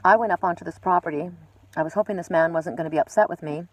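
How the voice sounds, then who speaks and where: A woman's voice: fairly low pitch, quick pace, dry recording. Chatty woman doing card readings outdoors. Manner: rambling, chatty, with many fillers and restarts; gentle spiritual encouragement. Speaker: oracle card reader hosting a live stream. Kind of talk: casual live-stream chat with viewers. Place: outdoors at a lakeside cove.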